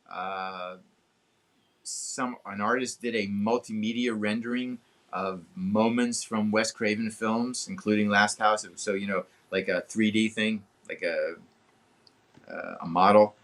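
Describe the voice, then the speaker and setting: A man in his seventies, a guest telling a long, animated story in an interview, swearing freely. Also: a little slow. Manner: animated, swearing, acts out quotes with big pitch jumps. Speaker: guest actor. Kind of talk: anecdotal storytelling in a podcast interview.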